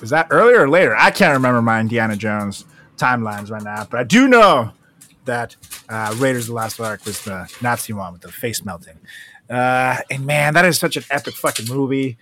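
A man's voice: medium pitch, animated, a little fast, fairly bright tone, slight background noise. A man hosting a casual podcast chat, joking and swearing, laughing often. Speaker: podcast host.

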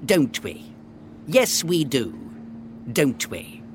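A man's voice: mid-range voice, wildly swooping pitch, extremely slow, a little hiss or hum. A man directing a voice actor in a studio, bossy and sarcastic. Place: recording studio.

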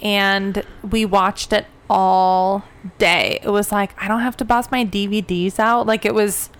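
A woman's voice: mid-range voice, steady tone, measured pace, clean tone. A young adult woman co-hosting a casual chat, telling stories animatedly, swearing freely and mimicking sounds.

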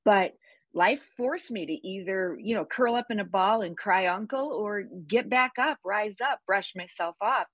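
A woman talking on a podcast with a husky, slightly low voice. She speaks with energy and emphasis, plainspoken and fond of vivid sayings. The sound is dull and dry. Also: moderate pace, a bit bright, no echo. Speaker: podcast guest. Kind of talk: conversational interview.

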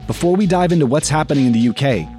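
A man's voice: on the high side, expressive, racing. A man co-hosting a news show, joking playfully with his co-host, with faint music behind him. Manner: playful, jokey. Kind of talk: scripted news banter.

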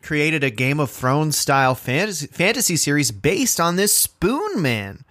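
A man's voice: fairly high pitch, very animated, unhurried, a bit bright. A male podcast co-host in casual chat, talking in a wry, joking way.

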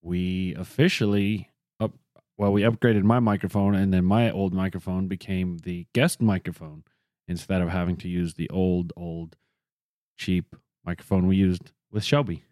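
Low-voiced man, chatty podcast host. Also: fairly even intonation, moderate pace, a little mellow, no room sound, clean studio sound. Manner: chatty, rambling, self-deprecating. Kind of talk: casual podcast chat. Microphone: studio podcast microphone.

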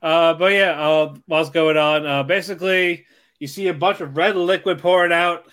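Male co-host, slightly high voice, chatty laughing recap style. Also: fairly even intonation, normal speed, a bit bright, smooth. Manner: chatty, laughs between lines, interjects. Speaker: podcast co-host. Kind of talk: casual anime recap chat.

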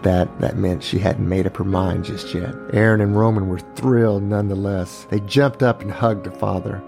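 Gravelly low-voiced male storyteller. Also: fairly even intonation, darkish tone, soft background music. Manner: unhurried, pausing storyteller who briefly voices the family. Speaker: podcast narrator. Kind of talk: storytelling narration.

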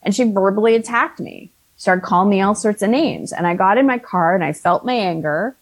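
A woman in her fifties, an author and life coach, shares a personal story earnestly and conversationally, often restarting her sentences. Her voice is medium-pitched and a little fast.

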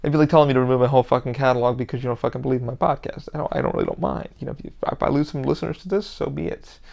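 A man's voice: mid-range voice, big pitch swings, racing, gravelly, darkish tone. A man hosting his own podcast, talking alone in a rambling, emphatic rant full of swearing. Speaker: podcast host. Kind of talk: casual solo podcast rant.

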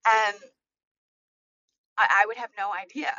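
Driving as she records her casual solo podcast, this American host talks in an earnest, reflective way, full of fillers and near tears. Her medium-pitched voice is steady in tone, a little slow, pushed and bright, in a dry recording with the highs cut off.

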